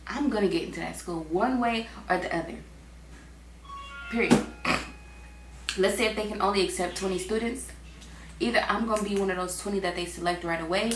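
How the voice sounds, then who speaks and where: A young woman reads the Bible aloud casually, stopping for chatty, slangy asides as a Bible reading host. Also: mid-range voice. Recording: echoey room with faint background hum.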